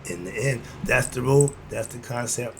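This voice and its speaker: A man's voice: mid-range voice, normal speed, creaky, slight background noise. A man in his sixties hosting his own video, ranting bluntly and answering his own rhetorical questions. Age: 60s. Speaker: video host. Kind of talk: ranting monologue.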